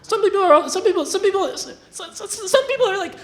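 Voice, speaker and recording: With an extremely high-pitched voice and a slightly fast pace, a young adult stand-up comedian performs absurd jokes deadpan on a live stage, stumbling through hesitant restarts and lots of fillers. The audio has roomy live venue sound.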